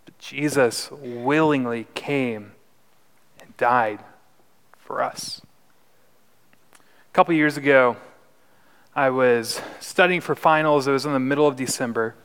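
A young man preaching a sermon in an animated storytelling way, with joking asides and repeated words. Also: a little high, clear, resonant tone. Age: young adult. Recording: echoey hall.

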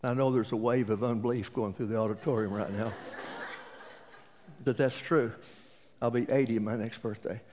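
A man's voice: medium pitch, fairly even intonation, moderate pace, pauses often, darkish tone. A man in his late seventies with an East Texas accent, preaching a sermon and telling folksy stories with jokes. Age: 70s. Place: auditorium. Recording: reverberant auditorium.

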